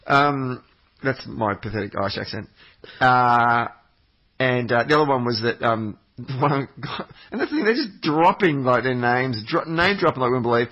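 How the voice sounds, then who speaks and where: A man with a medium-pitched, slightly bright and expressive voice chats fairly quickly on a podcast where he's a regular. He meanders through a travel anecdote, swearing, restarting and using lots of fillers, all in muffled, lo-fi sound.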